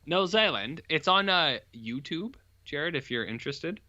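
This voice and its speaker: Podcast cohost guy, bright tone, a bit dull sounding lo-fi mic, rambles on. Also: on the high side, a little slow, dry recording. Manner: rambling, animated retelling with put-on quotes. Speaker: podcast co-host reviewing horror films. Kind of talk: casual chat.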